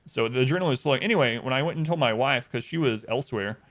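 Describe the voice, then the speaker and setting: A man telling an exasperated story on his live stream, animated and acting out the people he quotes. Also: mid-range voice, very fast. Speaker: livestreamer.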